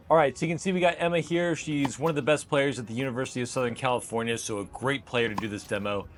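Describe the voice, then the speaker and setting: A man coaching tennis, explaining technique and drills in a direct, upbeat way, step by step. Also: mid-range voice. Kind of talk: instructional coaching talk.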